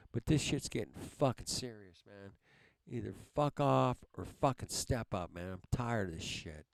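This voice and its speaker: A man's voice: on the low side, vocal fry, no room sound. A man hosting a livestream, ranting angrily at his viewers in heavy profanity and ending phrases with "man". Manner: heated, heavily profane, repeats "man". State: angry. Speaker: livestream host. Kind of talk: angry livestream rant at viewers.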